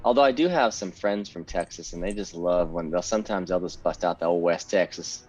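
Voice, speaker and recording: A man's voice: deep voice, fairly quick, a little mellow, faint music behind. A man playing a tabletop game online, giving rules advice and joking around, laughing easily. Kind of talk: casual banter at the game table. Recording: dull lo-fi online call audio.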